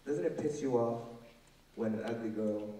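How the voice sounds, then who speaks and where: A young man from the West Coast doing a loud, animated stand-up comedy set, acting out both sides of his stories in a large hall. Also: mid-range voice, normal speed. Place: large hall with live audience. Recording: echoey hall from far off, loud crowd noise.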